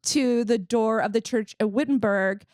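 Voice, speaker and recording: A sardonic, fast-riffing woman co-host. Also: a little high, no room sound, clean studio sound. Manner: sardonic, animated storytelling with many "like"s. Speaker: podcast co-host. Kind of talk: casual comedy chat.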